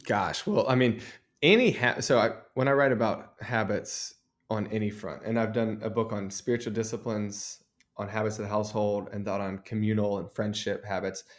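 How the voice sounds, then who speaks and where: A man's voice: fairly low pitch, moderate pace. Earnest man telling a story. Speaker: author and guest. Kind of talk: conversational interview.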